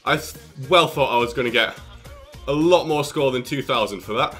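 A young man with an excitable, jokey manner, commentating on his own gameplay and exclaiming often. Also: medium pitch, normal speed, faint music behind. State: out of breath. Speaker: gaming YouTuber.

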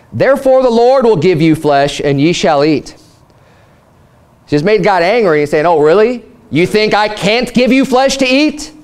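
Man preaching, animated and fairly high. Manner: animated preaching with paraphrased dialogue. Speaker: pastor. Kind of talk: sermon.

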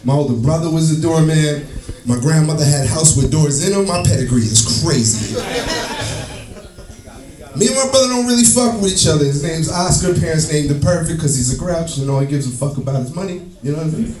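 A man doing a profane, animated stand-up comedy set on a club stage, acting out the people in his stories. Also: fairly high pitch, brisk. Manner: profane, animated, acts out characters. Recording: echoey live room, distant, music behind.

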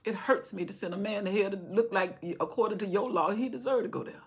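A woman explaining a Bible chapter, swinging between loud preaching and hushed whispers. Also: mid-range voice, quick pace, breathy edge. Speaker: Bible teacher.

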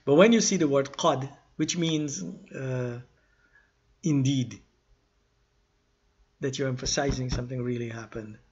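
A man teaches a grammar lesson in a relaxed, informal way, rattling off verses fast and then slowing down to explain with pauses and corrections. His voice is husky and mid-pitched. The recording sounds dull and lo-fi.

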